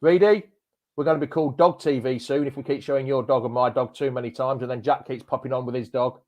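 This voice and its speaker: A man's voice: medium pitch, steady tone, quick pace, background noise. A man hosting a casual live fan chat show, with matey banter. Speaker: host.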